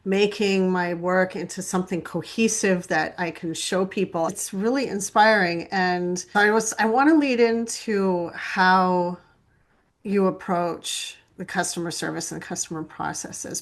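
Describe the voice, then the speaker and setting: A woman's voice: on the low side, measured pace. A woman hosting a podcast interview, enthusiastic and self-deprecating, laughing often between questions. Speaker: podcast host.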